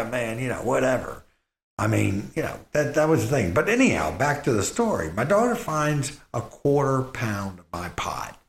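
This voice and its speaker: Gravelly low-voiced guy, middle-aged, rambling his way through a story, lots of you-knows, echoey room. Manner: rambling, halting with frequent restarts and fillers. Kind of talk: casual personal storytelling. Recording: roomy echo.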